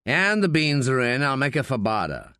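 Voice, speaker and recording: A man voicing a wild old American war veteran with a deep, treacly drawl and an American accent. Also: wildly swooping pitch, normal speed, pushed and bright, no room sound, studio quality, full character voice. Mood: gruff.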